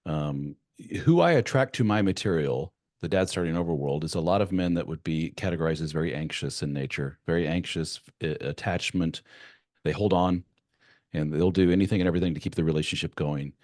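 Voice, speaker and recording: A man hosting an interview, talking at length in a conversational, animated way and acting out the people he quotes. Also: low voice, brisk, dry recording, clean studio sound. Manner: animated, acts out quoted voices. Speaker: podcast host.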